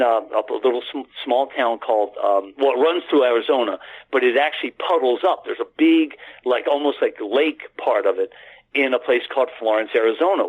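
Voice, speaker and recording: A man's voice: medium pitch, slightly rough. A man telling a long personal story as a radio guest, earnest and rambling, with many restarts, addressing the host by name. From United States. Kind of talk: casual storytelling on a phone-in radio show. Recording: tinny phone line.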